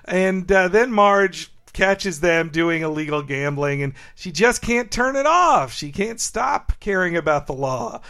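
A man hosting a podcast in casual chat, jokey and quick to laugh. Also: high voice, lively intonation, pushed and bright. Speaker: podcast host. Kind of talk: casual chat about a cartoon episode.

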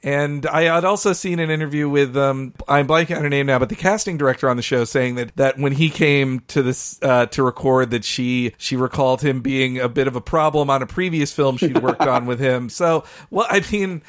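A man's voice: mid-range voice, normal speed, few pauses. A male interviewer asking questions hesitantly, with many fillers. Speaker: podcast interviewer.

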